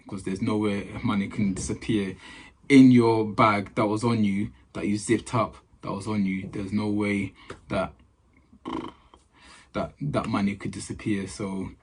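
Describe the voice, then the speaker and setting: A man's voice: fairly low pitch, steady tone, measured pace, a little hiss or hum. A man, a footballer casually telling a story to camera in slangy talk, often repeating his phrases.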